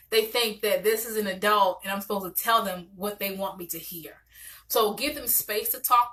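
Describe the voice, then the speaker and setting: A woman therapist talks parents through her methods in a loose, conversational teaching style. Her voice has a bright, forward tone, and she stays animated, often breaking off and restarting her sentences. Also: mid-range voice. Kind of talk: casual teaching talk to parents.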